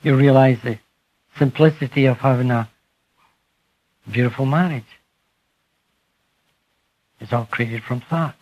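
Husky man giving a slow spiritual talk. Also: medium pitch, dull audio. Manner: slow, emphatic, trailing off softly at phrase ends. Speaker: speaker addressing a group. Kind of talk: spiritual talk to a live audience.

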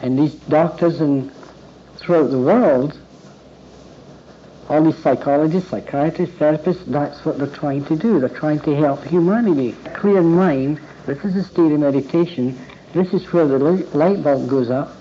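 A man giving a talk to therapists, telling anecdotes in an animated way and acting out bits of dialogue. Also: a little high, a little hiss or hum. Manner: animated anecdotal storytelling, acts out quoted dialogue. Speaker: speaker addressing therapists. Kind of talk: storytelling lecture. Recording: dull lo-fi recording.

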